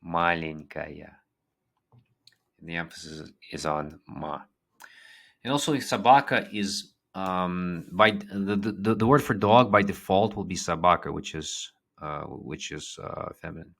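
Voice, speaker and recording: A language teacher with a low, unhurried and slightly bright voice walks through a lesson, patiently drilling vocabulary and repeating words. His explanations include fillers and restarts.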